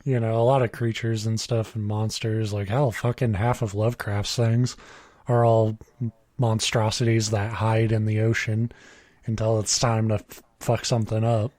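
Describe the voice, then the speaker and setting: A man's voice: lowish voice, normal speed, no echo. Sarcastic crude podcast host man. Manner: sarcastic, crude, deadpan jokes. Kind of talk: casual chat.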